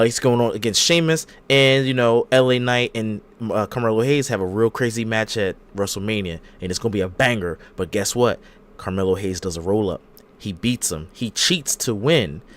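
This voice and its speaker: A man hosting a casual wrestling podcast, telling a long fantasy storyline in a rambling, animated way. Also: mid-range voice. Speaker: podcast host.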